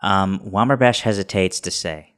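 A man's voice: sits low, normal speed, fairly bright tone, clean tone. A man playing a tabletop game, joking and describing what his character does. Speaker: player. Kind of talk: casual tabletop game play.

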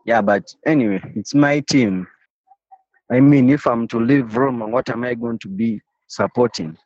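Man, passionate interview storyteller, repeats himself, middle pitch, slightly muffled dry sound. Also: moderate pace, darkish tone, dry recording. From Uganda. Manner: passionate, repeats and restarts phrases. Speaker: interviewee, football fan. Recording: dry, slightly dull recording.

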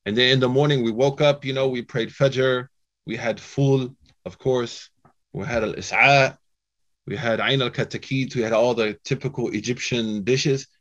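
A man telling a personal story in a talk to a Muslim audience, chatty and animated, full of "you know" and "man". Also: mid-range voice, moderate pace, lo-fi sound. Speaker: Muslim speaker giving a talk.

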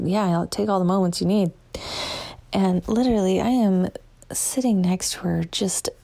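A woman telling a personal story in a casual way. She often drops into a hushed whisper and acts out her own lines with lively quotes. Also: on the low side. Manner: animated, quotes herself in a lively voice.

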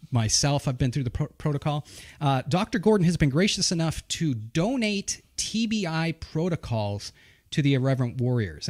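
A man's voice: medium pitch, darkish tone. A man with a New England accent hosting a show from a studio, casually running through announcements, rambling and correcting himself as he goes. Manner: rambling, loose, self-correcting, joking. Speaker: podcast host.

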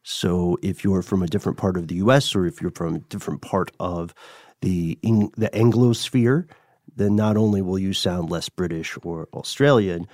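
Measured podcast host with a lowish voice. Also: male voice, a little mellow, no echo, studio quality. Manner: measured, explanatory, laughs often. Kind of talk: casual podcast chat.

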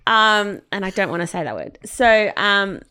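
A podcast co-host with a medium-pitched, clean voice tells a story at a moderate pace. Chatting casually, she animatedly acts out the quotes and breaks into laughter often.

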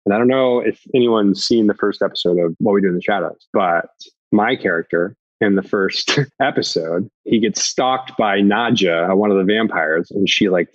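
Husky, lower-pitched male guest, animated storyteller, dry dull recording. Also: no room sound. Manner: lively storyteller, breaks into quick impressions. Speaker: actor guest. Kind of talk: animated anecdote telling.

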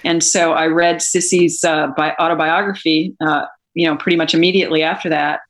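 Lower-voiced woman telling a story. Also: fairly quick. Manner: animated anecdotal storytelling, laughs often. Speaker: documentary filmmaker. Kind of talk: interview storytelling.

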